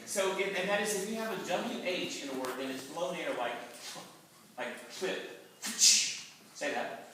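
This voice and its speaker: A man's voice: sits high, animated, unhurried. A man coaching a choir, playfully demonstrating sounds for the singers to repeat. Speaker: choir clinician. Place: large echoey hall. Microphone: distant camera mic. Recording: very echoey hall, heard from far off, loud noise.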